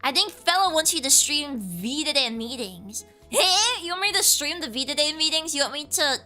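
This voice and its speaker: Young woman streamer from the south, really animated bouncy voice, playful and teasing with chat. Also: sits high. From Southern United States. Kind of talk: casual livestream chat, reading chat aloud.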